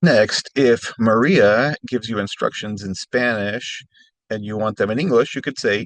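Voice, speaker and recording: A man teaching phrases as a language lesson, speaking slowly and carefully and repeating each phrase more slowly. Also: fairly low pitch, dry recording. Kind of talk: instructional narration.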